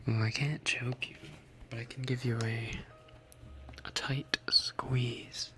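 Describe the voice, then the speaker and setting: A young man in his twenties, whispering softly into a close mic as an ASMR streamer reading chat questions. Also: medium pitch, flat delivery, slow, faint music behind.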